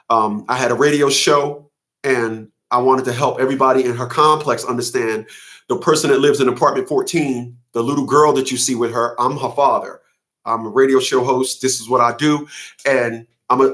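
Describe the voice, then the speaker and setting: A man's voice: mid-range voice, fairly bright tone. A middle-aged man, a fathers' advocate and host, talking casually and animatedly straight to camera. He rambles and curses, with many restarts. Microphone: camera facing the speaker.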